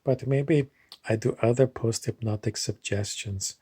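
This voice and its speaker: A man's voice: mid-range voice, unhurried, warm tone, husky, dry recording. A man talking casually in a rambling, digressive monologue, wandering between points with loose, unpolished phrasing. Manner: digressive, loose, with many fillers and restarts.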